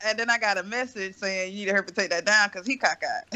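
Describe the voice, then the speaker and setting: A man's voice: high voice, very noisy. A young man co-hosting a casual podcast, telling stories and laughing between lines. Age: young adult. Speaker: podcast co-host. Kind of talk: casual group chat.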